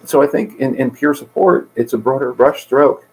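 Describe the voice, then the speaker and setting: A man's voice: medium pitch, normal speed, a little mellow, rough recording. A middle-aged man speaking earnestly in an interview, telling stories and voicing the people in them. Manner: earnest, tells stories with voiced characters. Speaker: guest, peer support coordinator. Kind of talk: conversational interview.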